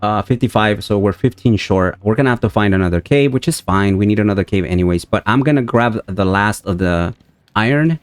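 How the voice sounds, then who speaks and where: A deep-voiced young man chatting his way through a survival game. He talks to his viewers and his in-game horse and breaks into excitable outbursts when enemies show up. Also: a little fast, clear, resonant tone, dry recording. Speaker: gameplay streamer. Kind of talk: casual let's-play commentary.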